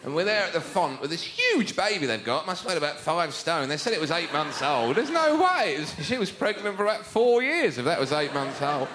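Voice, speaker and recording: A man's voice: fairly high pitch, big pitch swings, a little fast, hardly any pauses, bright, forceful tone. An English man doing a stand-up routine on stage before a live audience, telling stories in a rambling, wry way. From England. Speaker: stand-up comedian. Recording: live show with audience noise.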